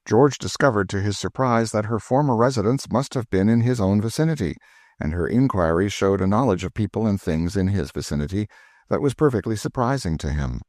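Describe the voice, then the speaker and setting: Male audiobook narrator, steady and measured, low voice, dry close sound. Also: dry recording. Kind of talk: scripted narration.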